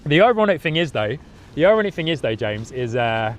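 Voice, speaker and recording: A man's voice: fairly high pitch, sing-song, brisk, a little hiss or hum. A man from the UK with an English accent tinged by New Zealand, hosting a plane-spotting livestream outdoors in an airport car park. He talks in an upbeat, casual way, with lots of filler words and restarts. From United Kingdom. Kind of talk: casual live-stream chat.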